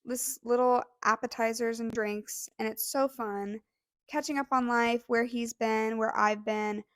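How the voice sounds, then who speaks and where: A young woman with a fairly high voice tells a story on a podcast, gushing and emotional, with lots of fillers. She sounds close to tears. The recording is close and dry. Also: fairly even intonation, measured pace, fairly bright tone, no room sound. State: near tears. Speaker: podcast co-host. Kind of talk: casual storytelling chat.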